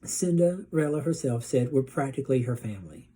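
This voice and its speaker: A man voicing a cheeky, excitable young boy twin. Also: medium pitch, a little fast, slightly rough, low-quality recording. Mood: thrilled.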